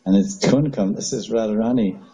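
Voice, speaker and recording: Male preacher, low and very mellow, giving a meandering scripture class with Sanskrit names. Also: fairly quick, rough recording. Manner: rambling with restarts, chanting Sanskrit names. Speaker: Vaishnava preacher.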